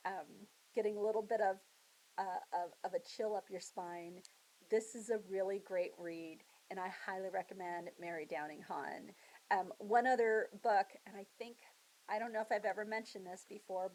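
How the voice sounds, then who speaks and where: A middle-aged woman, a school librarian, casually retelling and recommending books for students in a chatty, animated way. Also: mid-range voice, rough recording. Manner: chatty, animated storytelling with acted voices. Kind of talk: book review for students.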